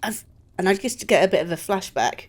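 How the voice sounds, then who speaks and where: A woman's voice: medium pitch, lively intonation, fairly quick. A woman speaking as her character in a tabletop game, hesitant and filler-laden. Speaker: player.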